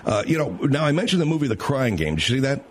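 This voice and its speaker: A man's voice: mid-range voice, big pitch swings, fast talker. A man hosting a late-night radio talk show, rambling and hesitant with many fillers and restarts as he reads out the number and sets up a story.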